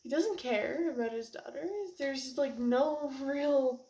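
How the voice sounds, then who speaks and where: Speaking slowly in a high, mellow voice, a young book reviewer vlogs casually about a book she's just finished. She's emotional and meandering, laughing one moment and near tears the next.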